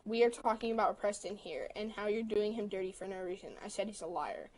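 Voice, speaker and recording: Woman streamer with a mid-pitched voice, chatty storyteller who quotes every message fast. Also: darkish tone, poor audio. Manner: retells text arguments quickly, quoting both sides. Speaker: livestream host. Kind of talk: casual storytelling on a livestream.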